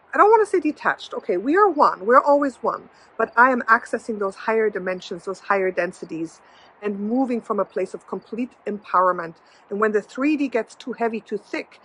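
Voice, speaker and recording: A woman's voice: on the high side, a bit bright, husky, poor audio. A woman giving a reassuring, casual spiritual pep talk outdoors, speaking straight to her viewers. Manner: soothing, reassuring, talks directly to viewer. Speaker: spiritual video host. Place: outdoors in nature.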